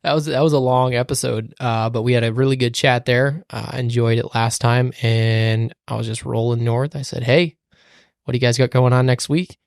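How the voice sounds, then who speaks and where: A man guesting on a podcast as a hunting guide, talking in a relaxed, modest way. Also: medium pitch, normal speed, creaky, dry recording, clean studio sound. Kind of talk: casual podcast chat. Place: small studio room.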